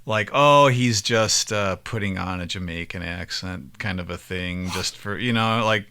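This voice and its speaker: A man's voice: sits low, unhurried, pushed and bright, clear, resonant tone. A man co-hosting a podcast, talking hesitantly and thinking aloud. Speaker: podcast co-host. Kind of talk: casual chat.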